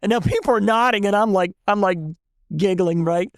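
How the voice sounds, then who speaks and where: A man, a chef and guest, telling an animated story in casual chat and laughing often. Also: sits high, a little fast, dry recording, studio quality. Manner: animated, laughs often, tells stories with voices.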